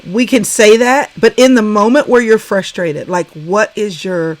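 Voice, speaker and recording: A woman in her forties hosting a casual conversation over a video call, affirming and quick to laugh. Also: mid-range voice. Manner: warm, affirming, laughs often. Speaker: host.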